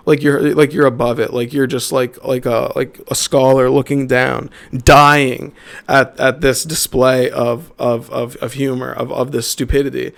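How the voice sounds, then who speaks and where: A man's voice: mid-range voice, level tone, a little slow, creaky. A male podcast host delivering a combative, profane rant.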